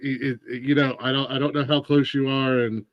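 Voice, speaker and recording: A man's voice: medium pitch, level tone, normal speed, no echo, dull audio. A man from Ohio hosting a casual podcast interview, rambling with many restarts and fillers. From Ohio, USA. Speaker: podcast host.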